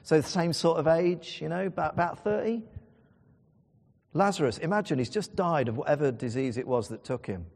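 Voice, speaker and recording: A man's voice: on the high side, fairly quick, gravelly, darkish tone. A man preaching a sermon in a conversational, emphatic storytelling way. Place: church. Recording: church hall reverb.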